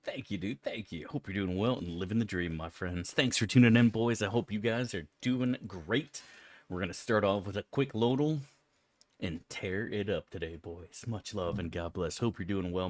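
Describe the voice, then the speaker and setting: A man's voice: on the low side, no echo. A man streaming a game live, chatting casually with viewers, swearing freely and complaining in an exaggerated, chummy way. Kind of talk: casual live-stream chat while gaming.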